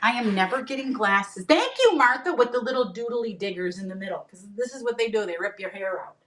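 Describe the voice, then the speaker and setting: A woman's voice: mid-range voice, lively intonation, fairly quick, fairly bright tone. A woman selling items on a live stream in a bubbly, chatty way, greeting viewers by name and joking. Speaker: live-stream auction seller. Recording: echoey room, mic far off.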